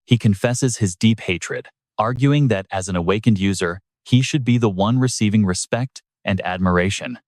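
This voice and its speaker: A man reading a scripted story recap in a steady, even storytelling manner. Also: fairly low pitch, moderate pace, hardly any pauses, no echo, studio quality. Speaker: recap narrator. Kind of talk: scripted narration.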